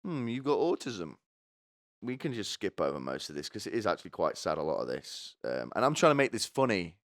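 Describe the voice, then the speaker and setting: A young man with a lowish, smooth, resonant voice, talking through a topic in a sarcastic, swearing, rambling way. The recording is dry and close, with no room sound. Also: very animated, fast talker, fairly bright tone, dry recording. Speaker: commentator. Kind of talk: casual comedic commentary.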